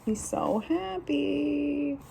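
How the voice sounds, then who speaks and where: A woman teacher reading a picture book aloud to young students, animated and instructive, then giving them a drawing task. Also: sits high, extremely slow, gravelly, a little hiss or hum, poor audio.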